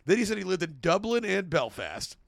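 High, gravelly-voiced man telling a story. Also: a little fast, no room sound, studio quality. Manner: animated, laughing, swears, acts out quotes in voices. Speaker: podcast co-host. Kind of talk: casual storytelling chat.

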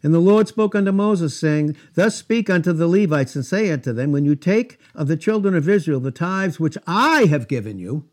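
Animated preacher man, lively pitch. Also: moderate pace, few pauses. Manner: animated, asides and rhetorical questions; reads scripture aloud in King James phrasing. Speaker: pastor. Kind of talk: expository sermon.

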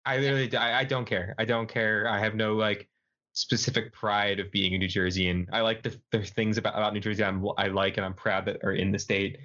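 A man co-hosting a podcast, giving measured, somewhat hesitant opinions on the news with "um" and "like" fillers. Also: fairly low pitch, steady tone, a bit bright, muffled recording. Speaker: podcast co-host. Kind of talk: casual news-review chat.

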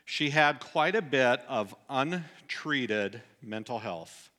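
A middle-aged man delivering a sermon, telling a personal story earnestly and dropping soft and low at the sad moments. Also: animated, slow pace. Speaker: pastor.

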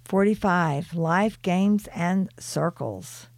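A woman reading aloud from her own spiritual book in a soft, earnest, unhurried way, stopping for personal asides. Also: fairly low pitch, no echo.

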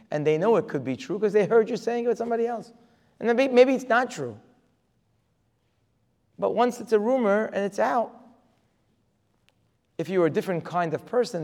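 A man's voice: on the high side, a little mellow. A man giving a religious lecture as a Torah teacher, emphatic and full of rhetorical questions. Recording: long reverb of a hall.

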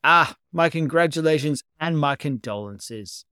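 A flamboyant, sentimental gentleman of grand and florid speech, put on by a man reading a story. The voice sits well above the narrator's own and rings louder, every phrase theatrical. It is recorded dry and close. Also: a little high, expressive, a little slow, clear, resonant tone, dry recording, pitched above the performer's own voice. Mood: fond, theatrical.

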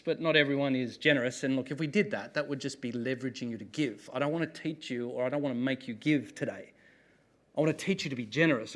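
A man with an Australian accent, preaching a sermon as pastor, with humor and dramatic pauses. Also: fairly high pitch, a bit bright.

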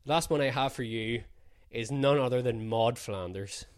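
A man's voice: medium pitch, normal speed. A man hosting a casual podcast, playful and teasing as he runs a game with his co-host. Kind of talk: casual chat.

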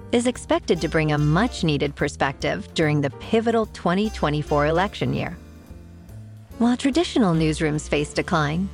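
A woman hosting a podcast, reading scripted news and signing off in an upbeat, chatty way. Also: sits low. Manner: upbeat, chatty sign-offs. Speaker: podcast host.

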